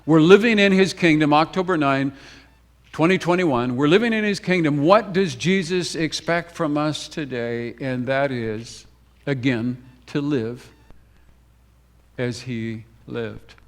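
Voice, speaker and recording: An American pastor in a church sanctuary tells gospel stories to his congregation, his voice on the high side. He swings from brisk, emphatic runs to sudden slow, hushed phrases, repeating words for emphasis and addressing listeners directly.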